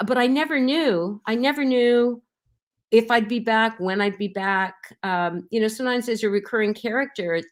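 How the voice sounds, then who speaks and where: A middle-aged actress recalling her time on a show in a relaxed interview, rambling with many fillers and restarts. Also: mid-range voice. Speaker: actress guest. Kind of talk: casual interview anecdotes.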